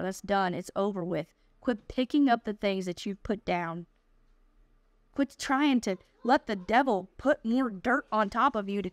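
A woman's voice: medium pitch, no room sound. A woman delivering a fervent podcast sermon, exhorting listeners with emphatic, repeated declarations. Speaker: podcast speaker.

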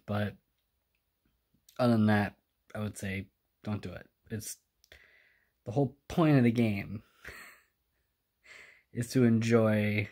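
A man chatting quietly in a casual home vlog, keeping his voice down and sighing now and then. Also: on the low side, steady tone, slow pace, pauses often. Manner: hushed and chatty, with sighs. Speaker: vlogger. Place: home indoors.

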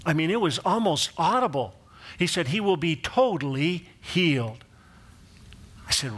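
Animated storytelling male pastor. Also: a little high, a little slow, breathy edge. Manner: animated storyteller, acts out quoted voices, laughs at his own jokes. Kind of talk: sermon with personal storytelling.

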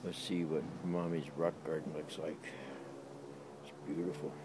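A man's voice: a bass voice, little pitch movement, unhurried, noisy background. A man in a backyard talking to his dog in sing-song baby talk, repeating himself while filming on a handheld camera. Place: backyard, outdoors.

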